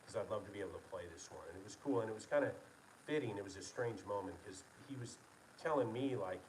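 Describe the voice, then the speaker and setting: A man's voice: fairly low pitch, lively intonation, quick pace, recorded from a distance, slight background noise, low-quality recording. A man, a licensed engineer, talking casually and earnestly to an online meeting, rambling and correcting himself as he goes. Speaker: licensed engineer presenting to his company's followers.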